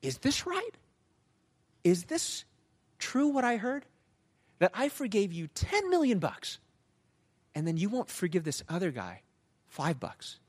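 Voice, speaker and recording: A man's voice: a little high, big pitch swings, moderate pace, darkish tone, breathy edge. A man voicing a stern, powerful king in a parable he retells in a sermon. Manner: questioning, then pronouncing judgment.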